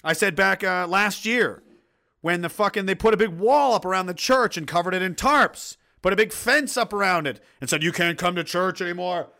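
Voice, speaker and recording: A man's voice: high voice, normal speed, creaky, sharp tone. A man hosting a livestream, ranting in crude, mocking, blunt commentary and reading out viewer comments. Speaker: livestream host reading chat.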